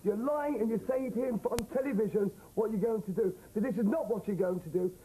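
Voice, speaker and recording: Angry, high-voiced man from the audience. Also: quick pace, mellow, slight background noise, rough recording. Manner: angry, accusing. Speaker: audience member.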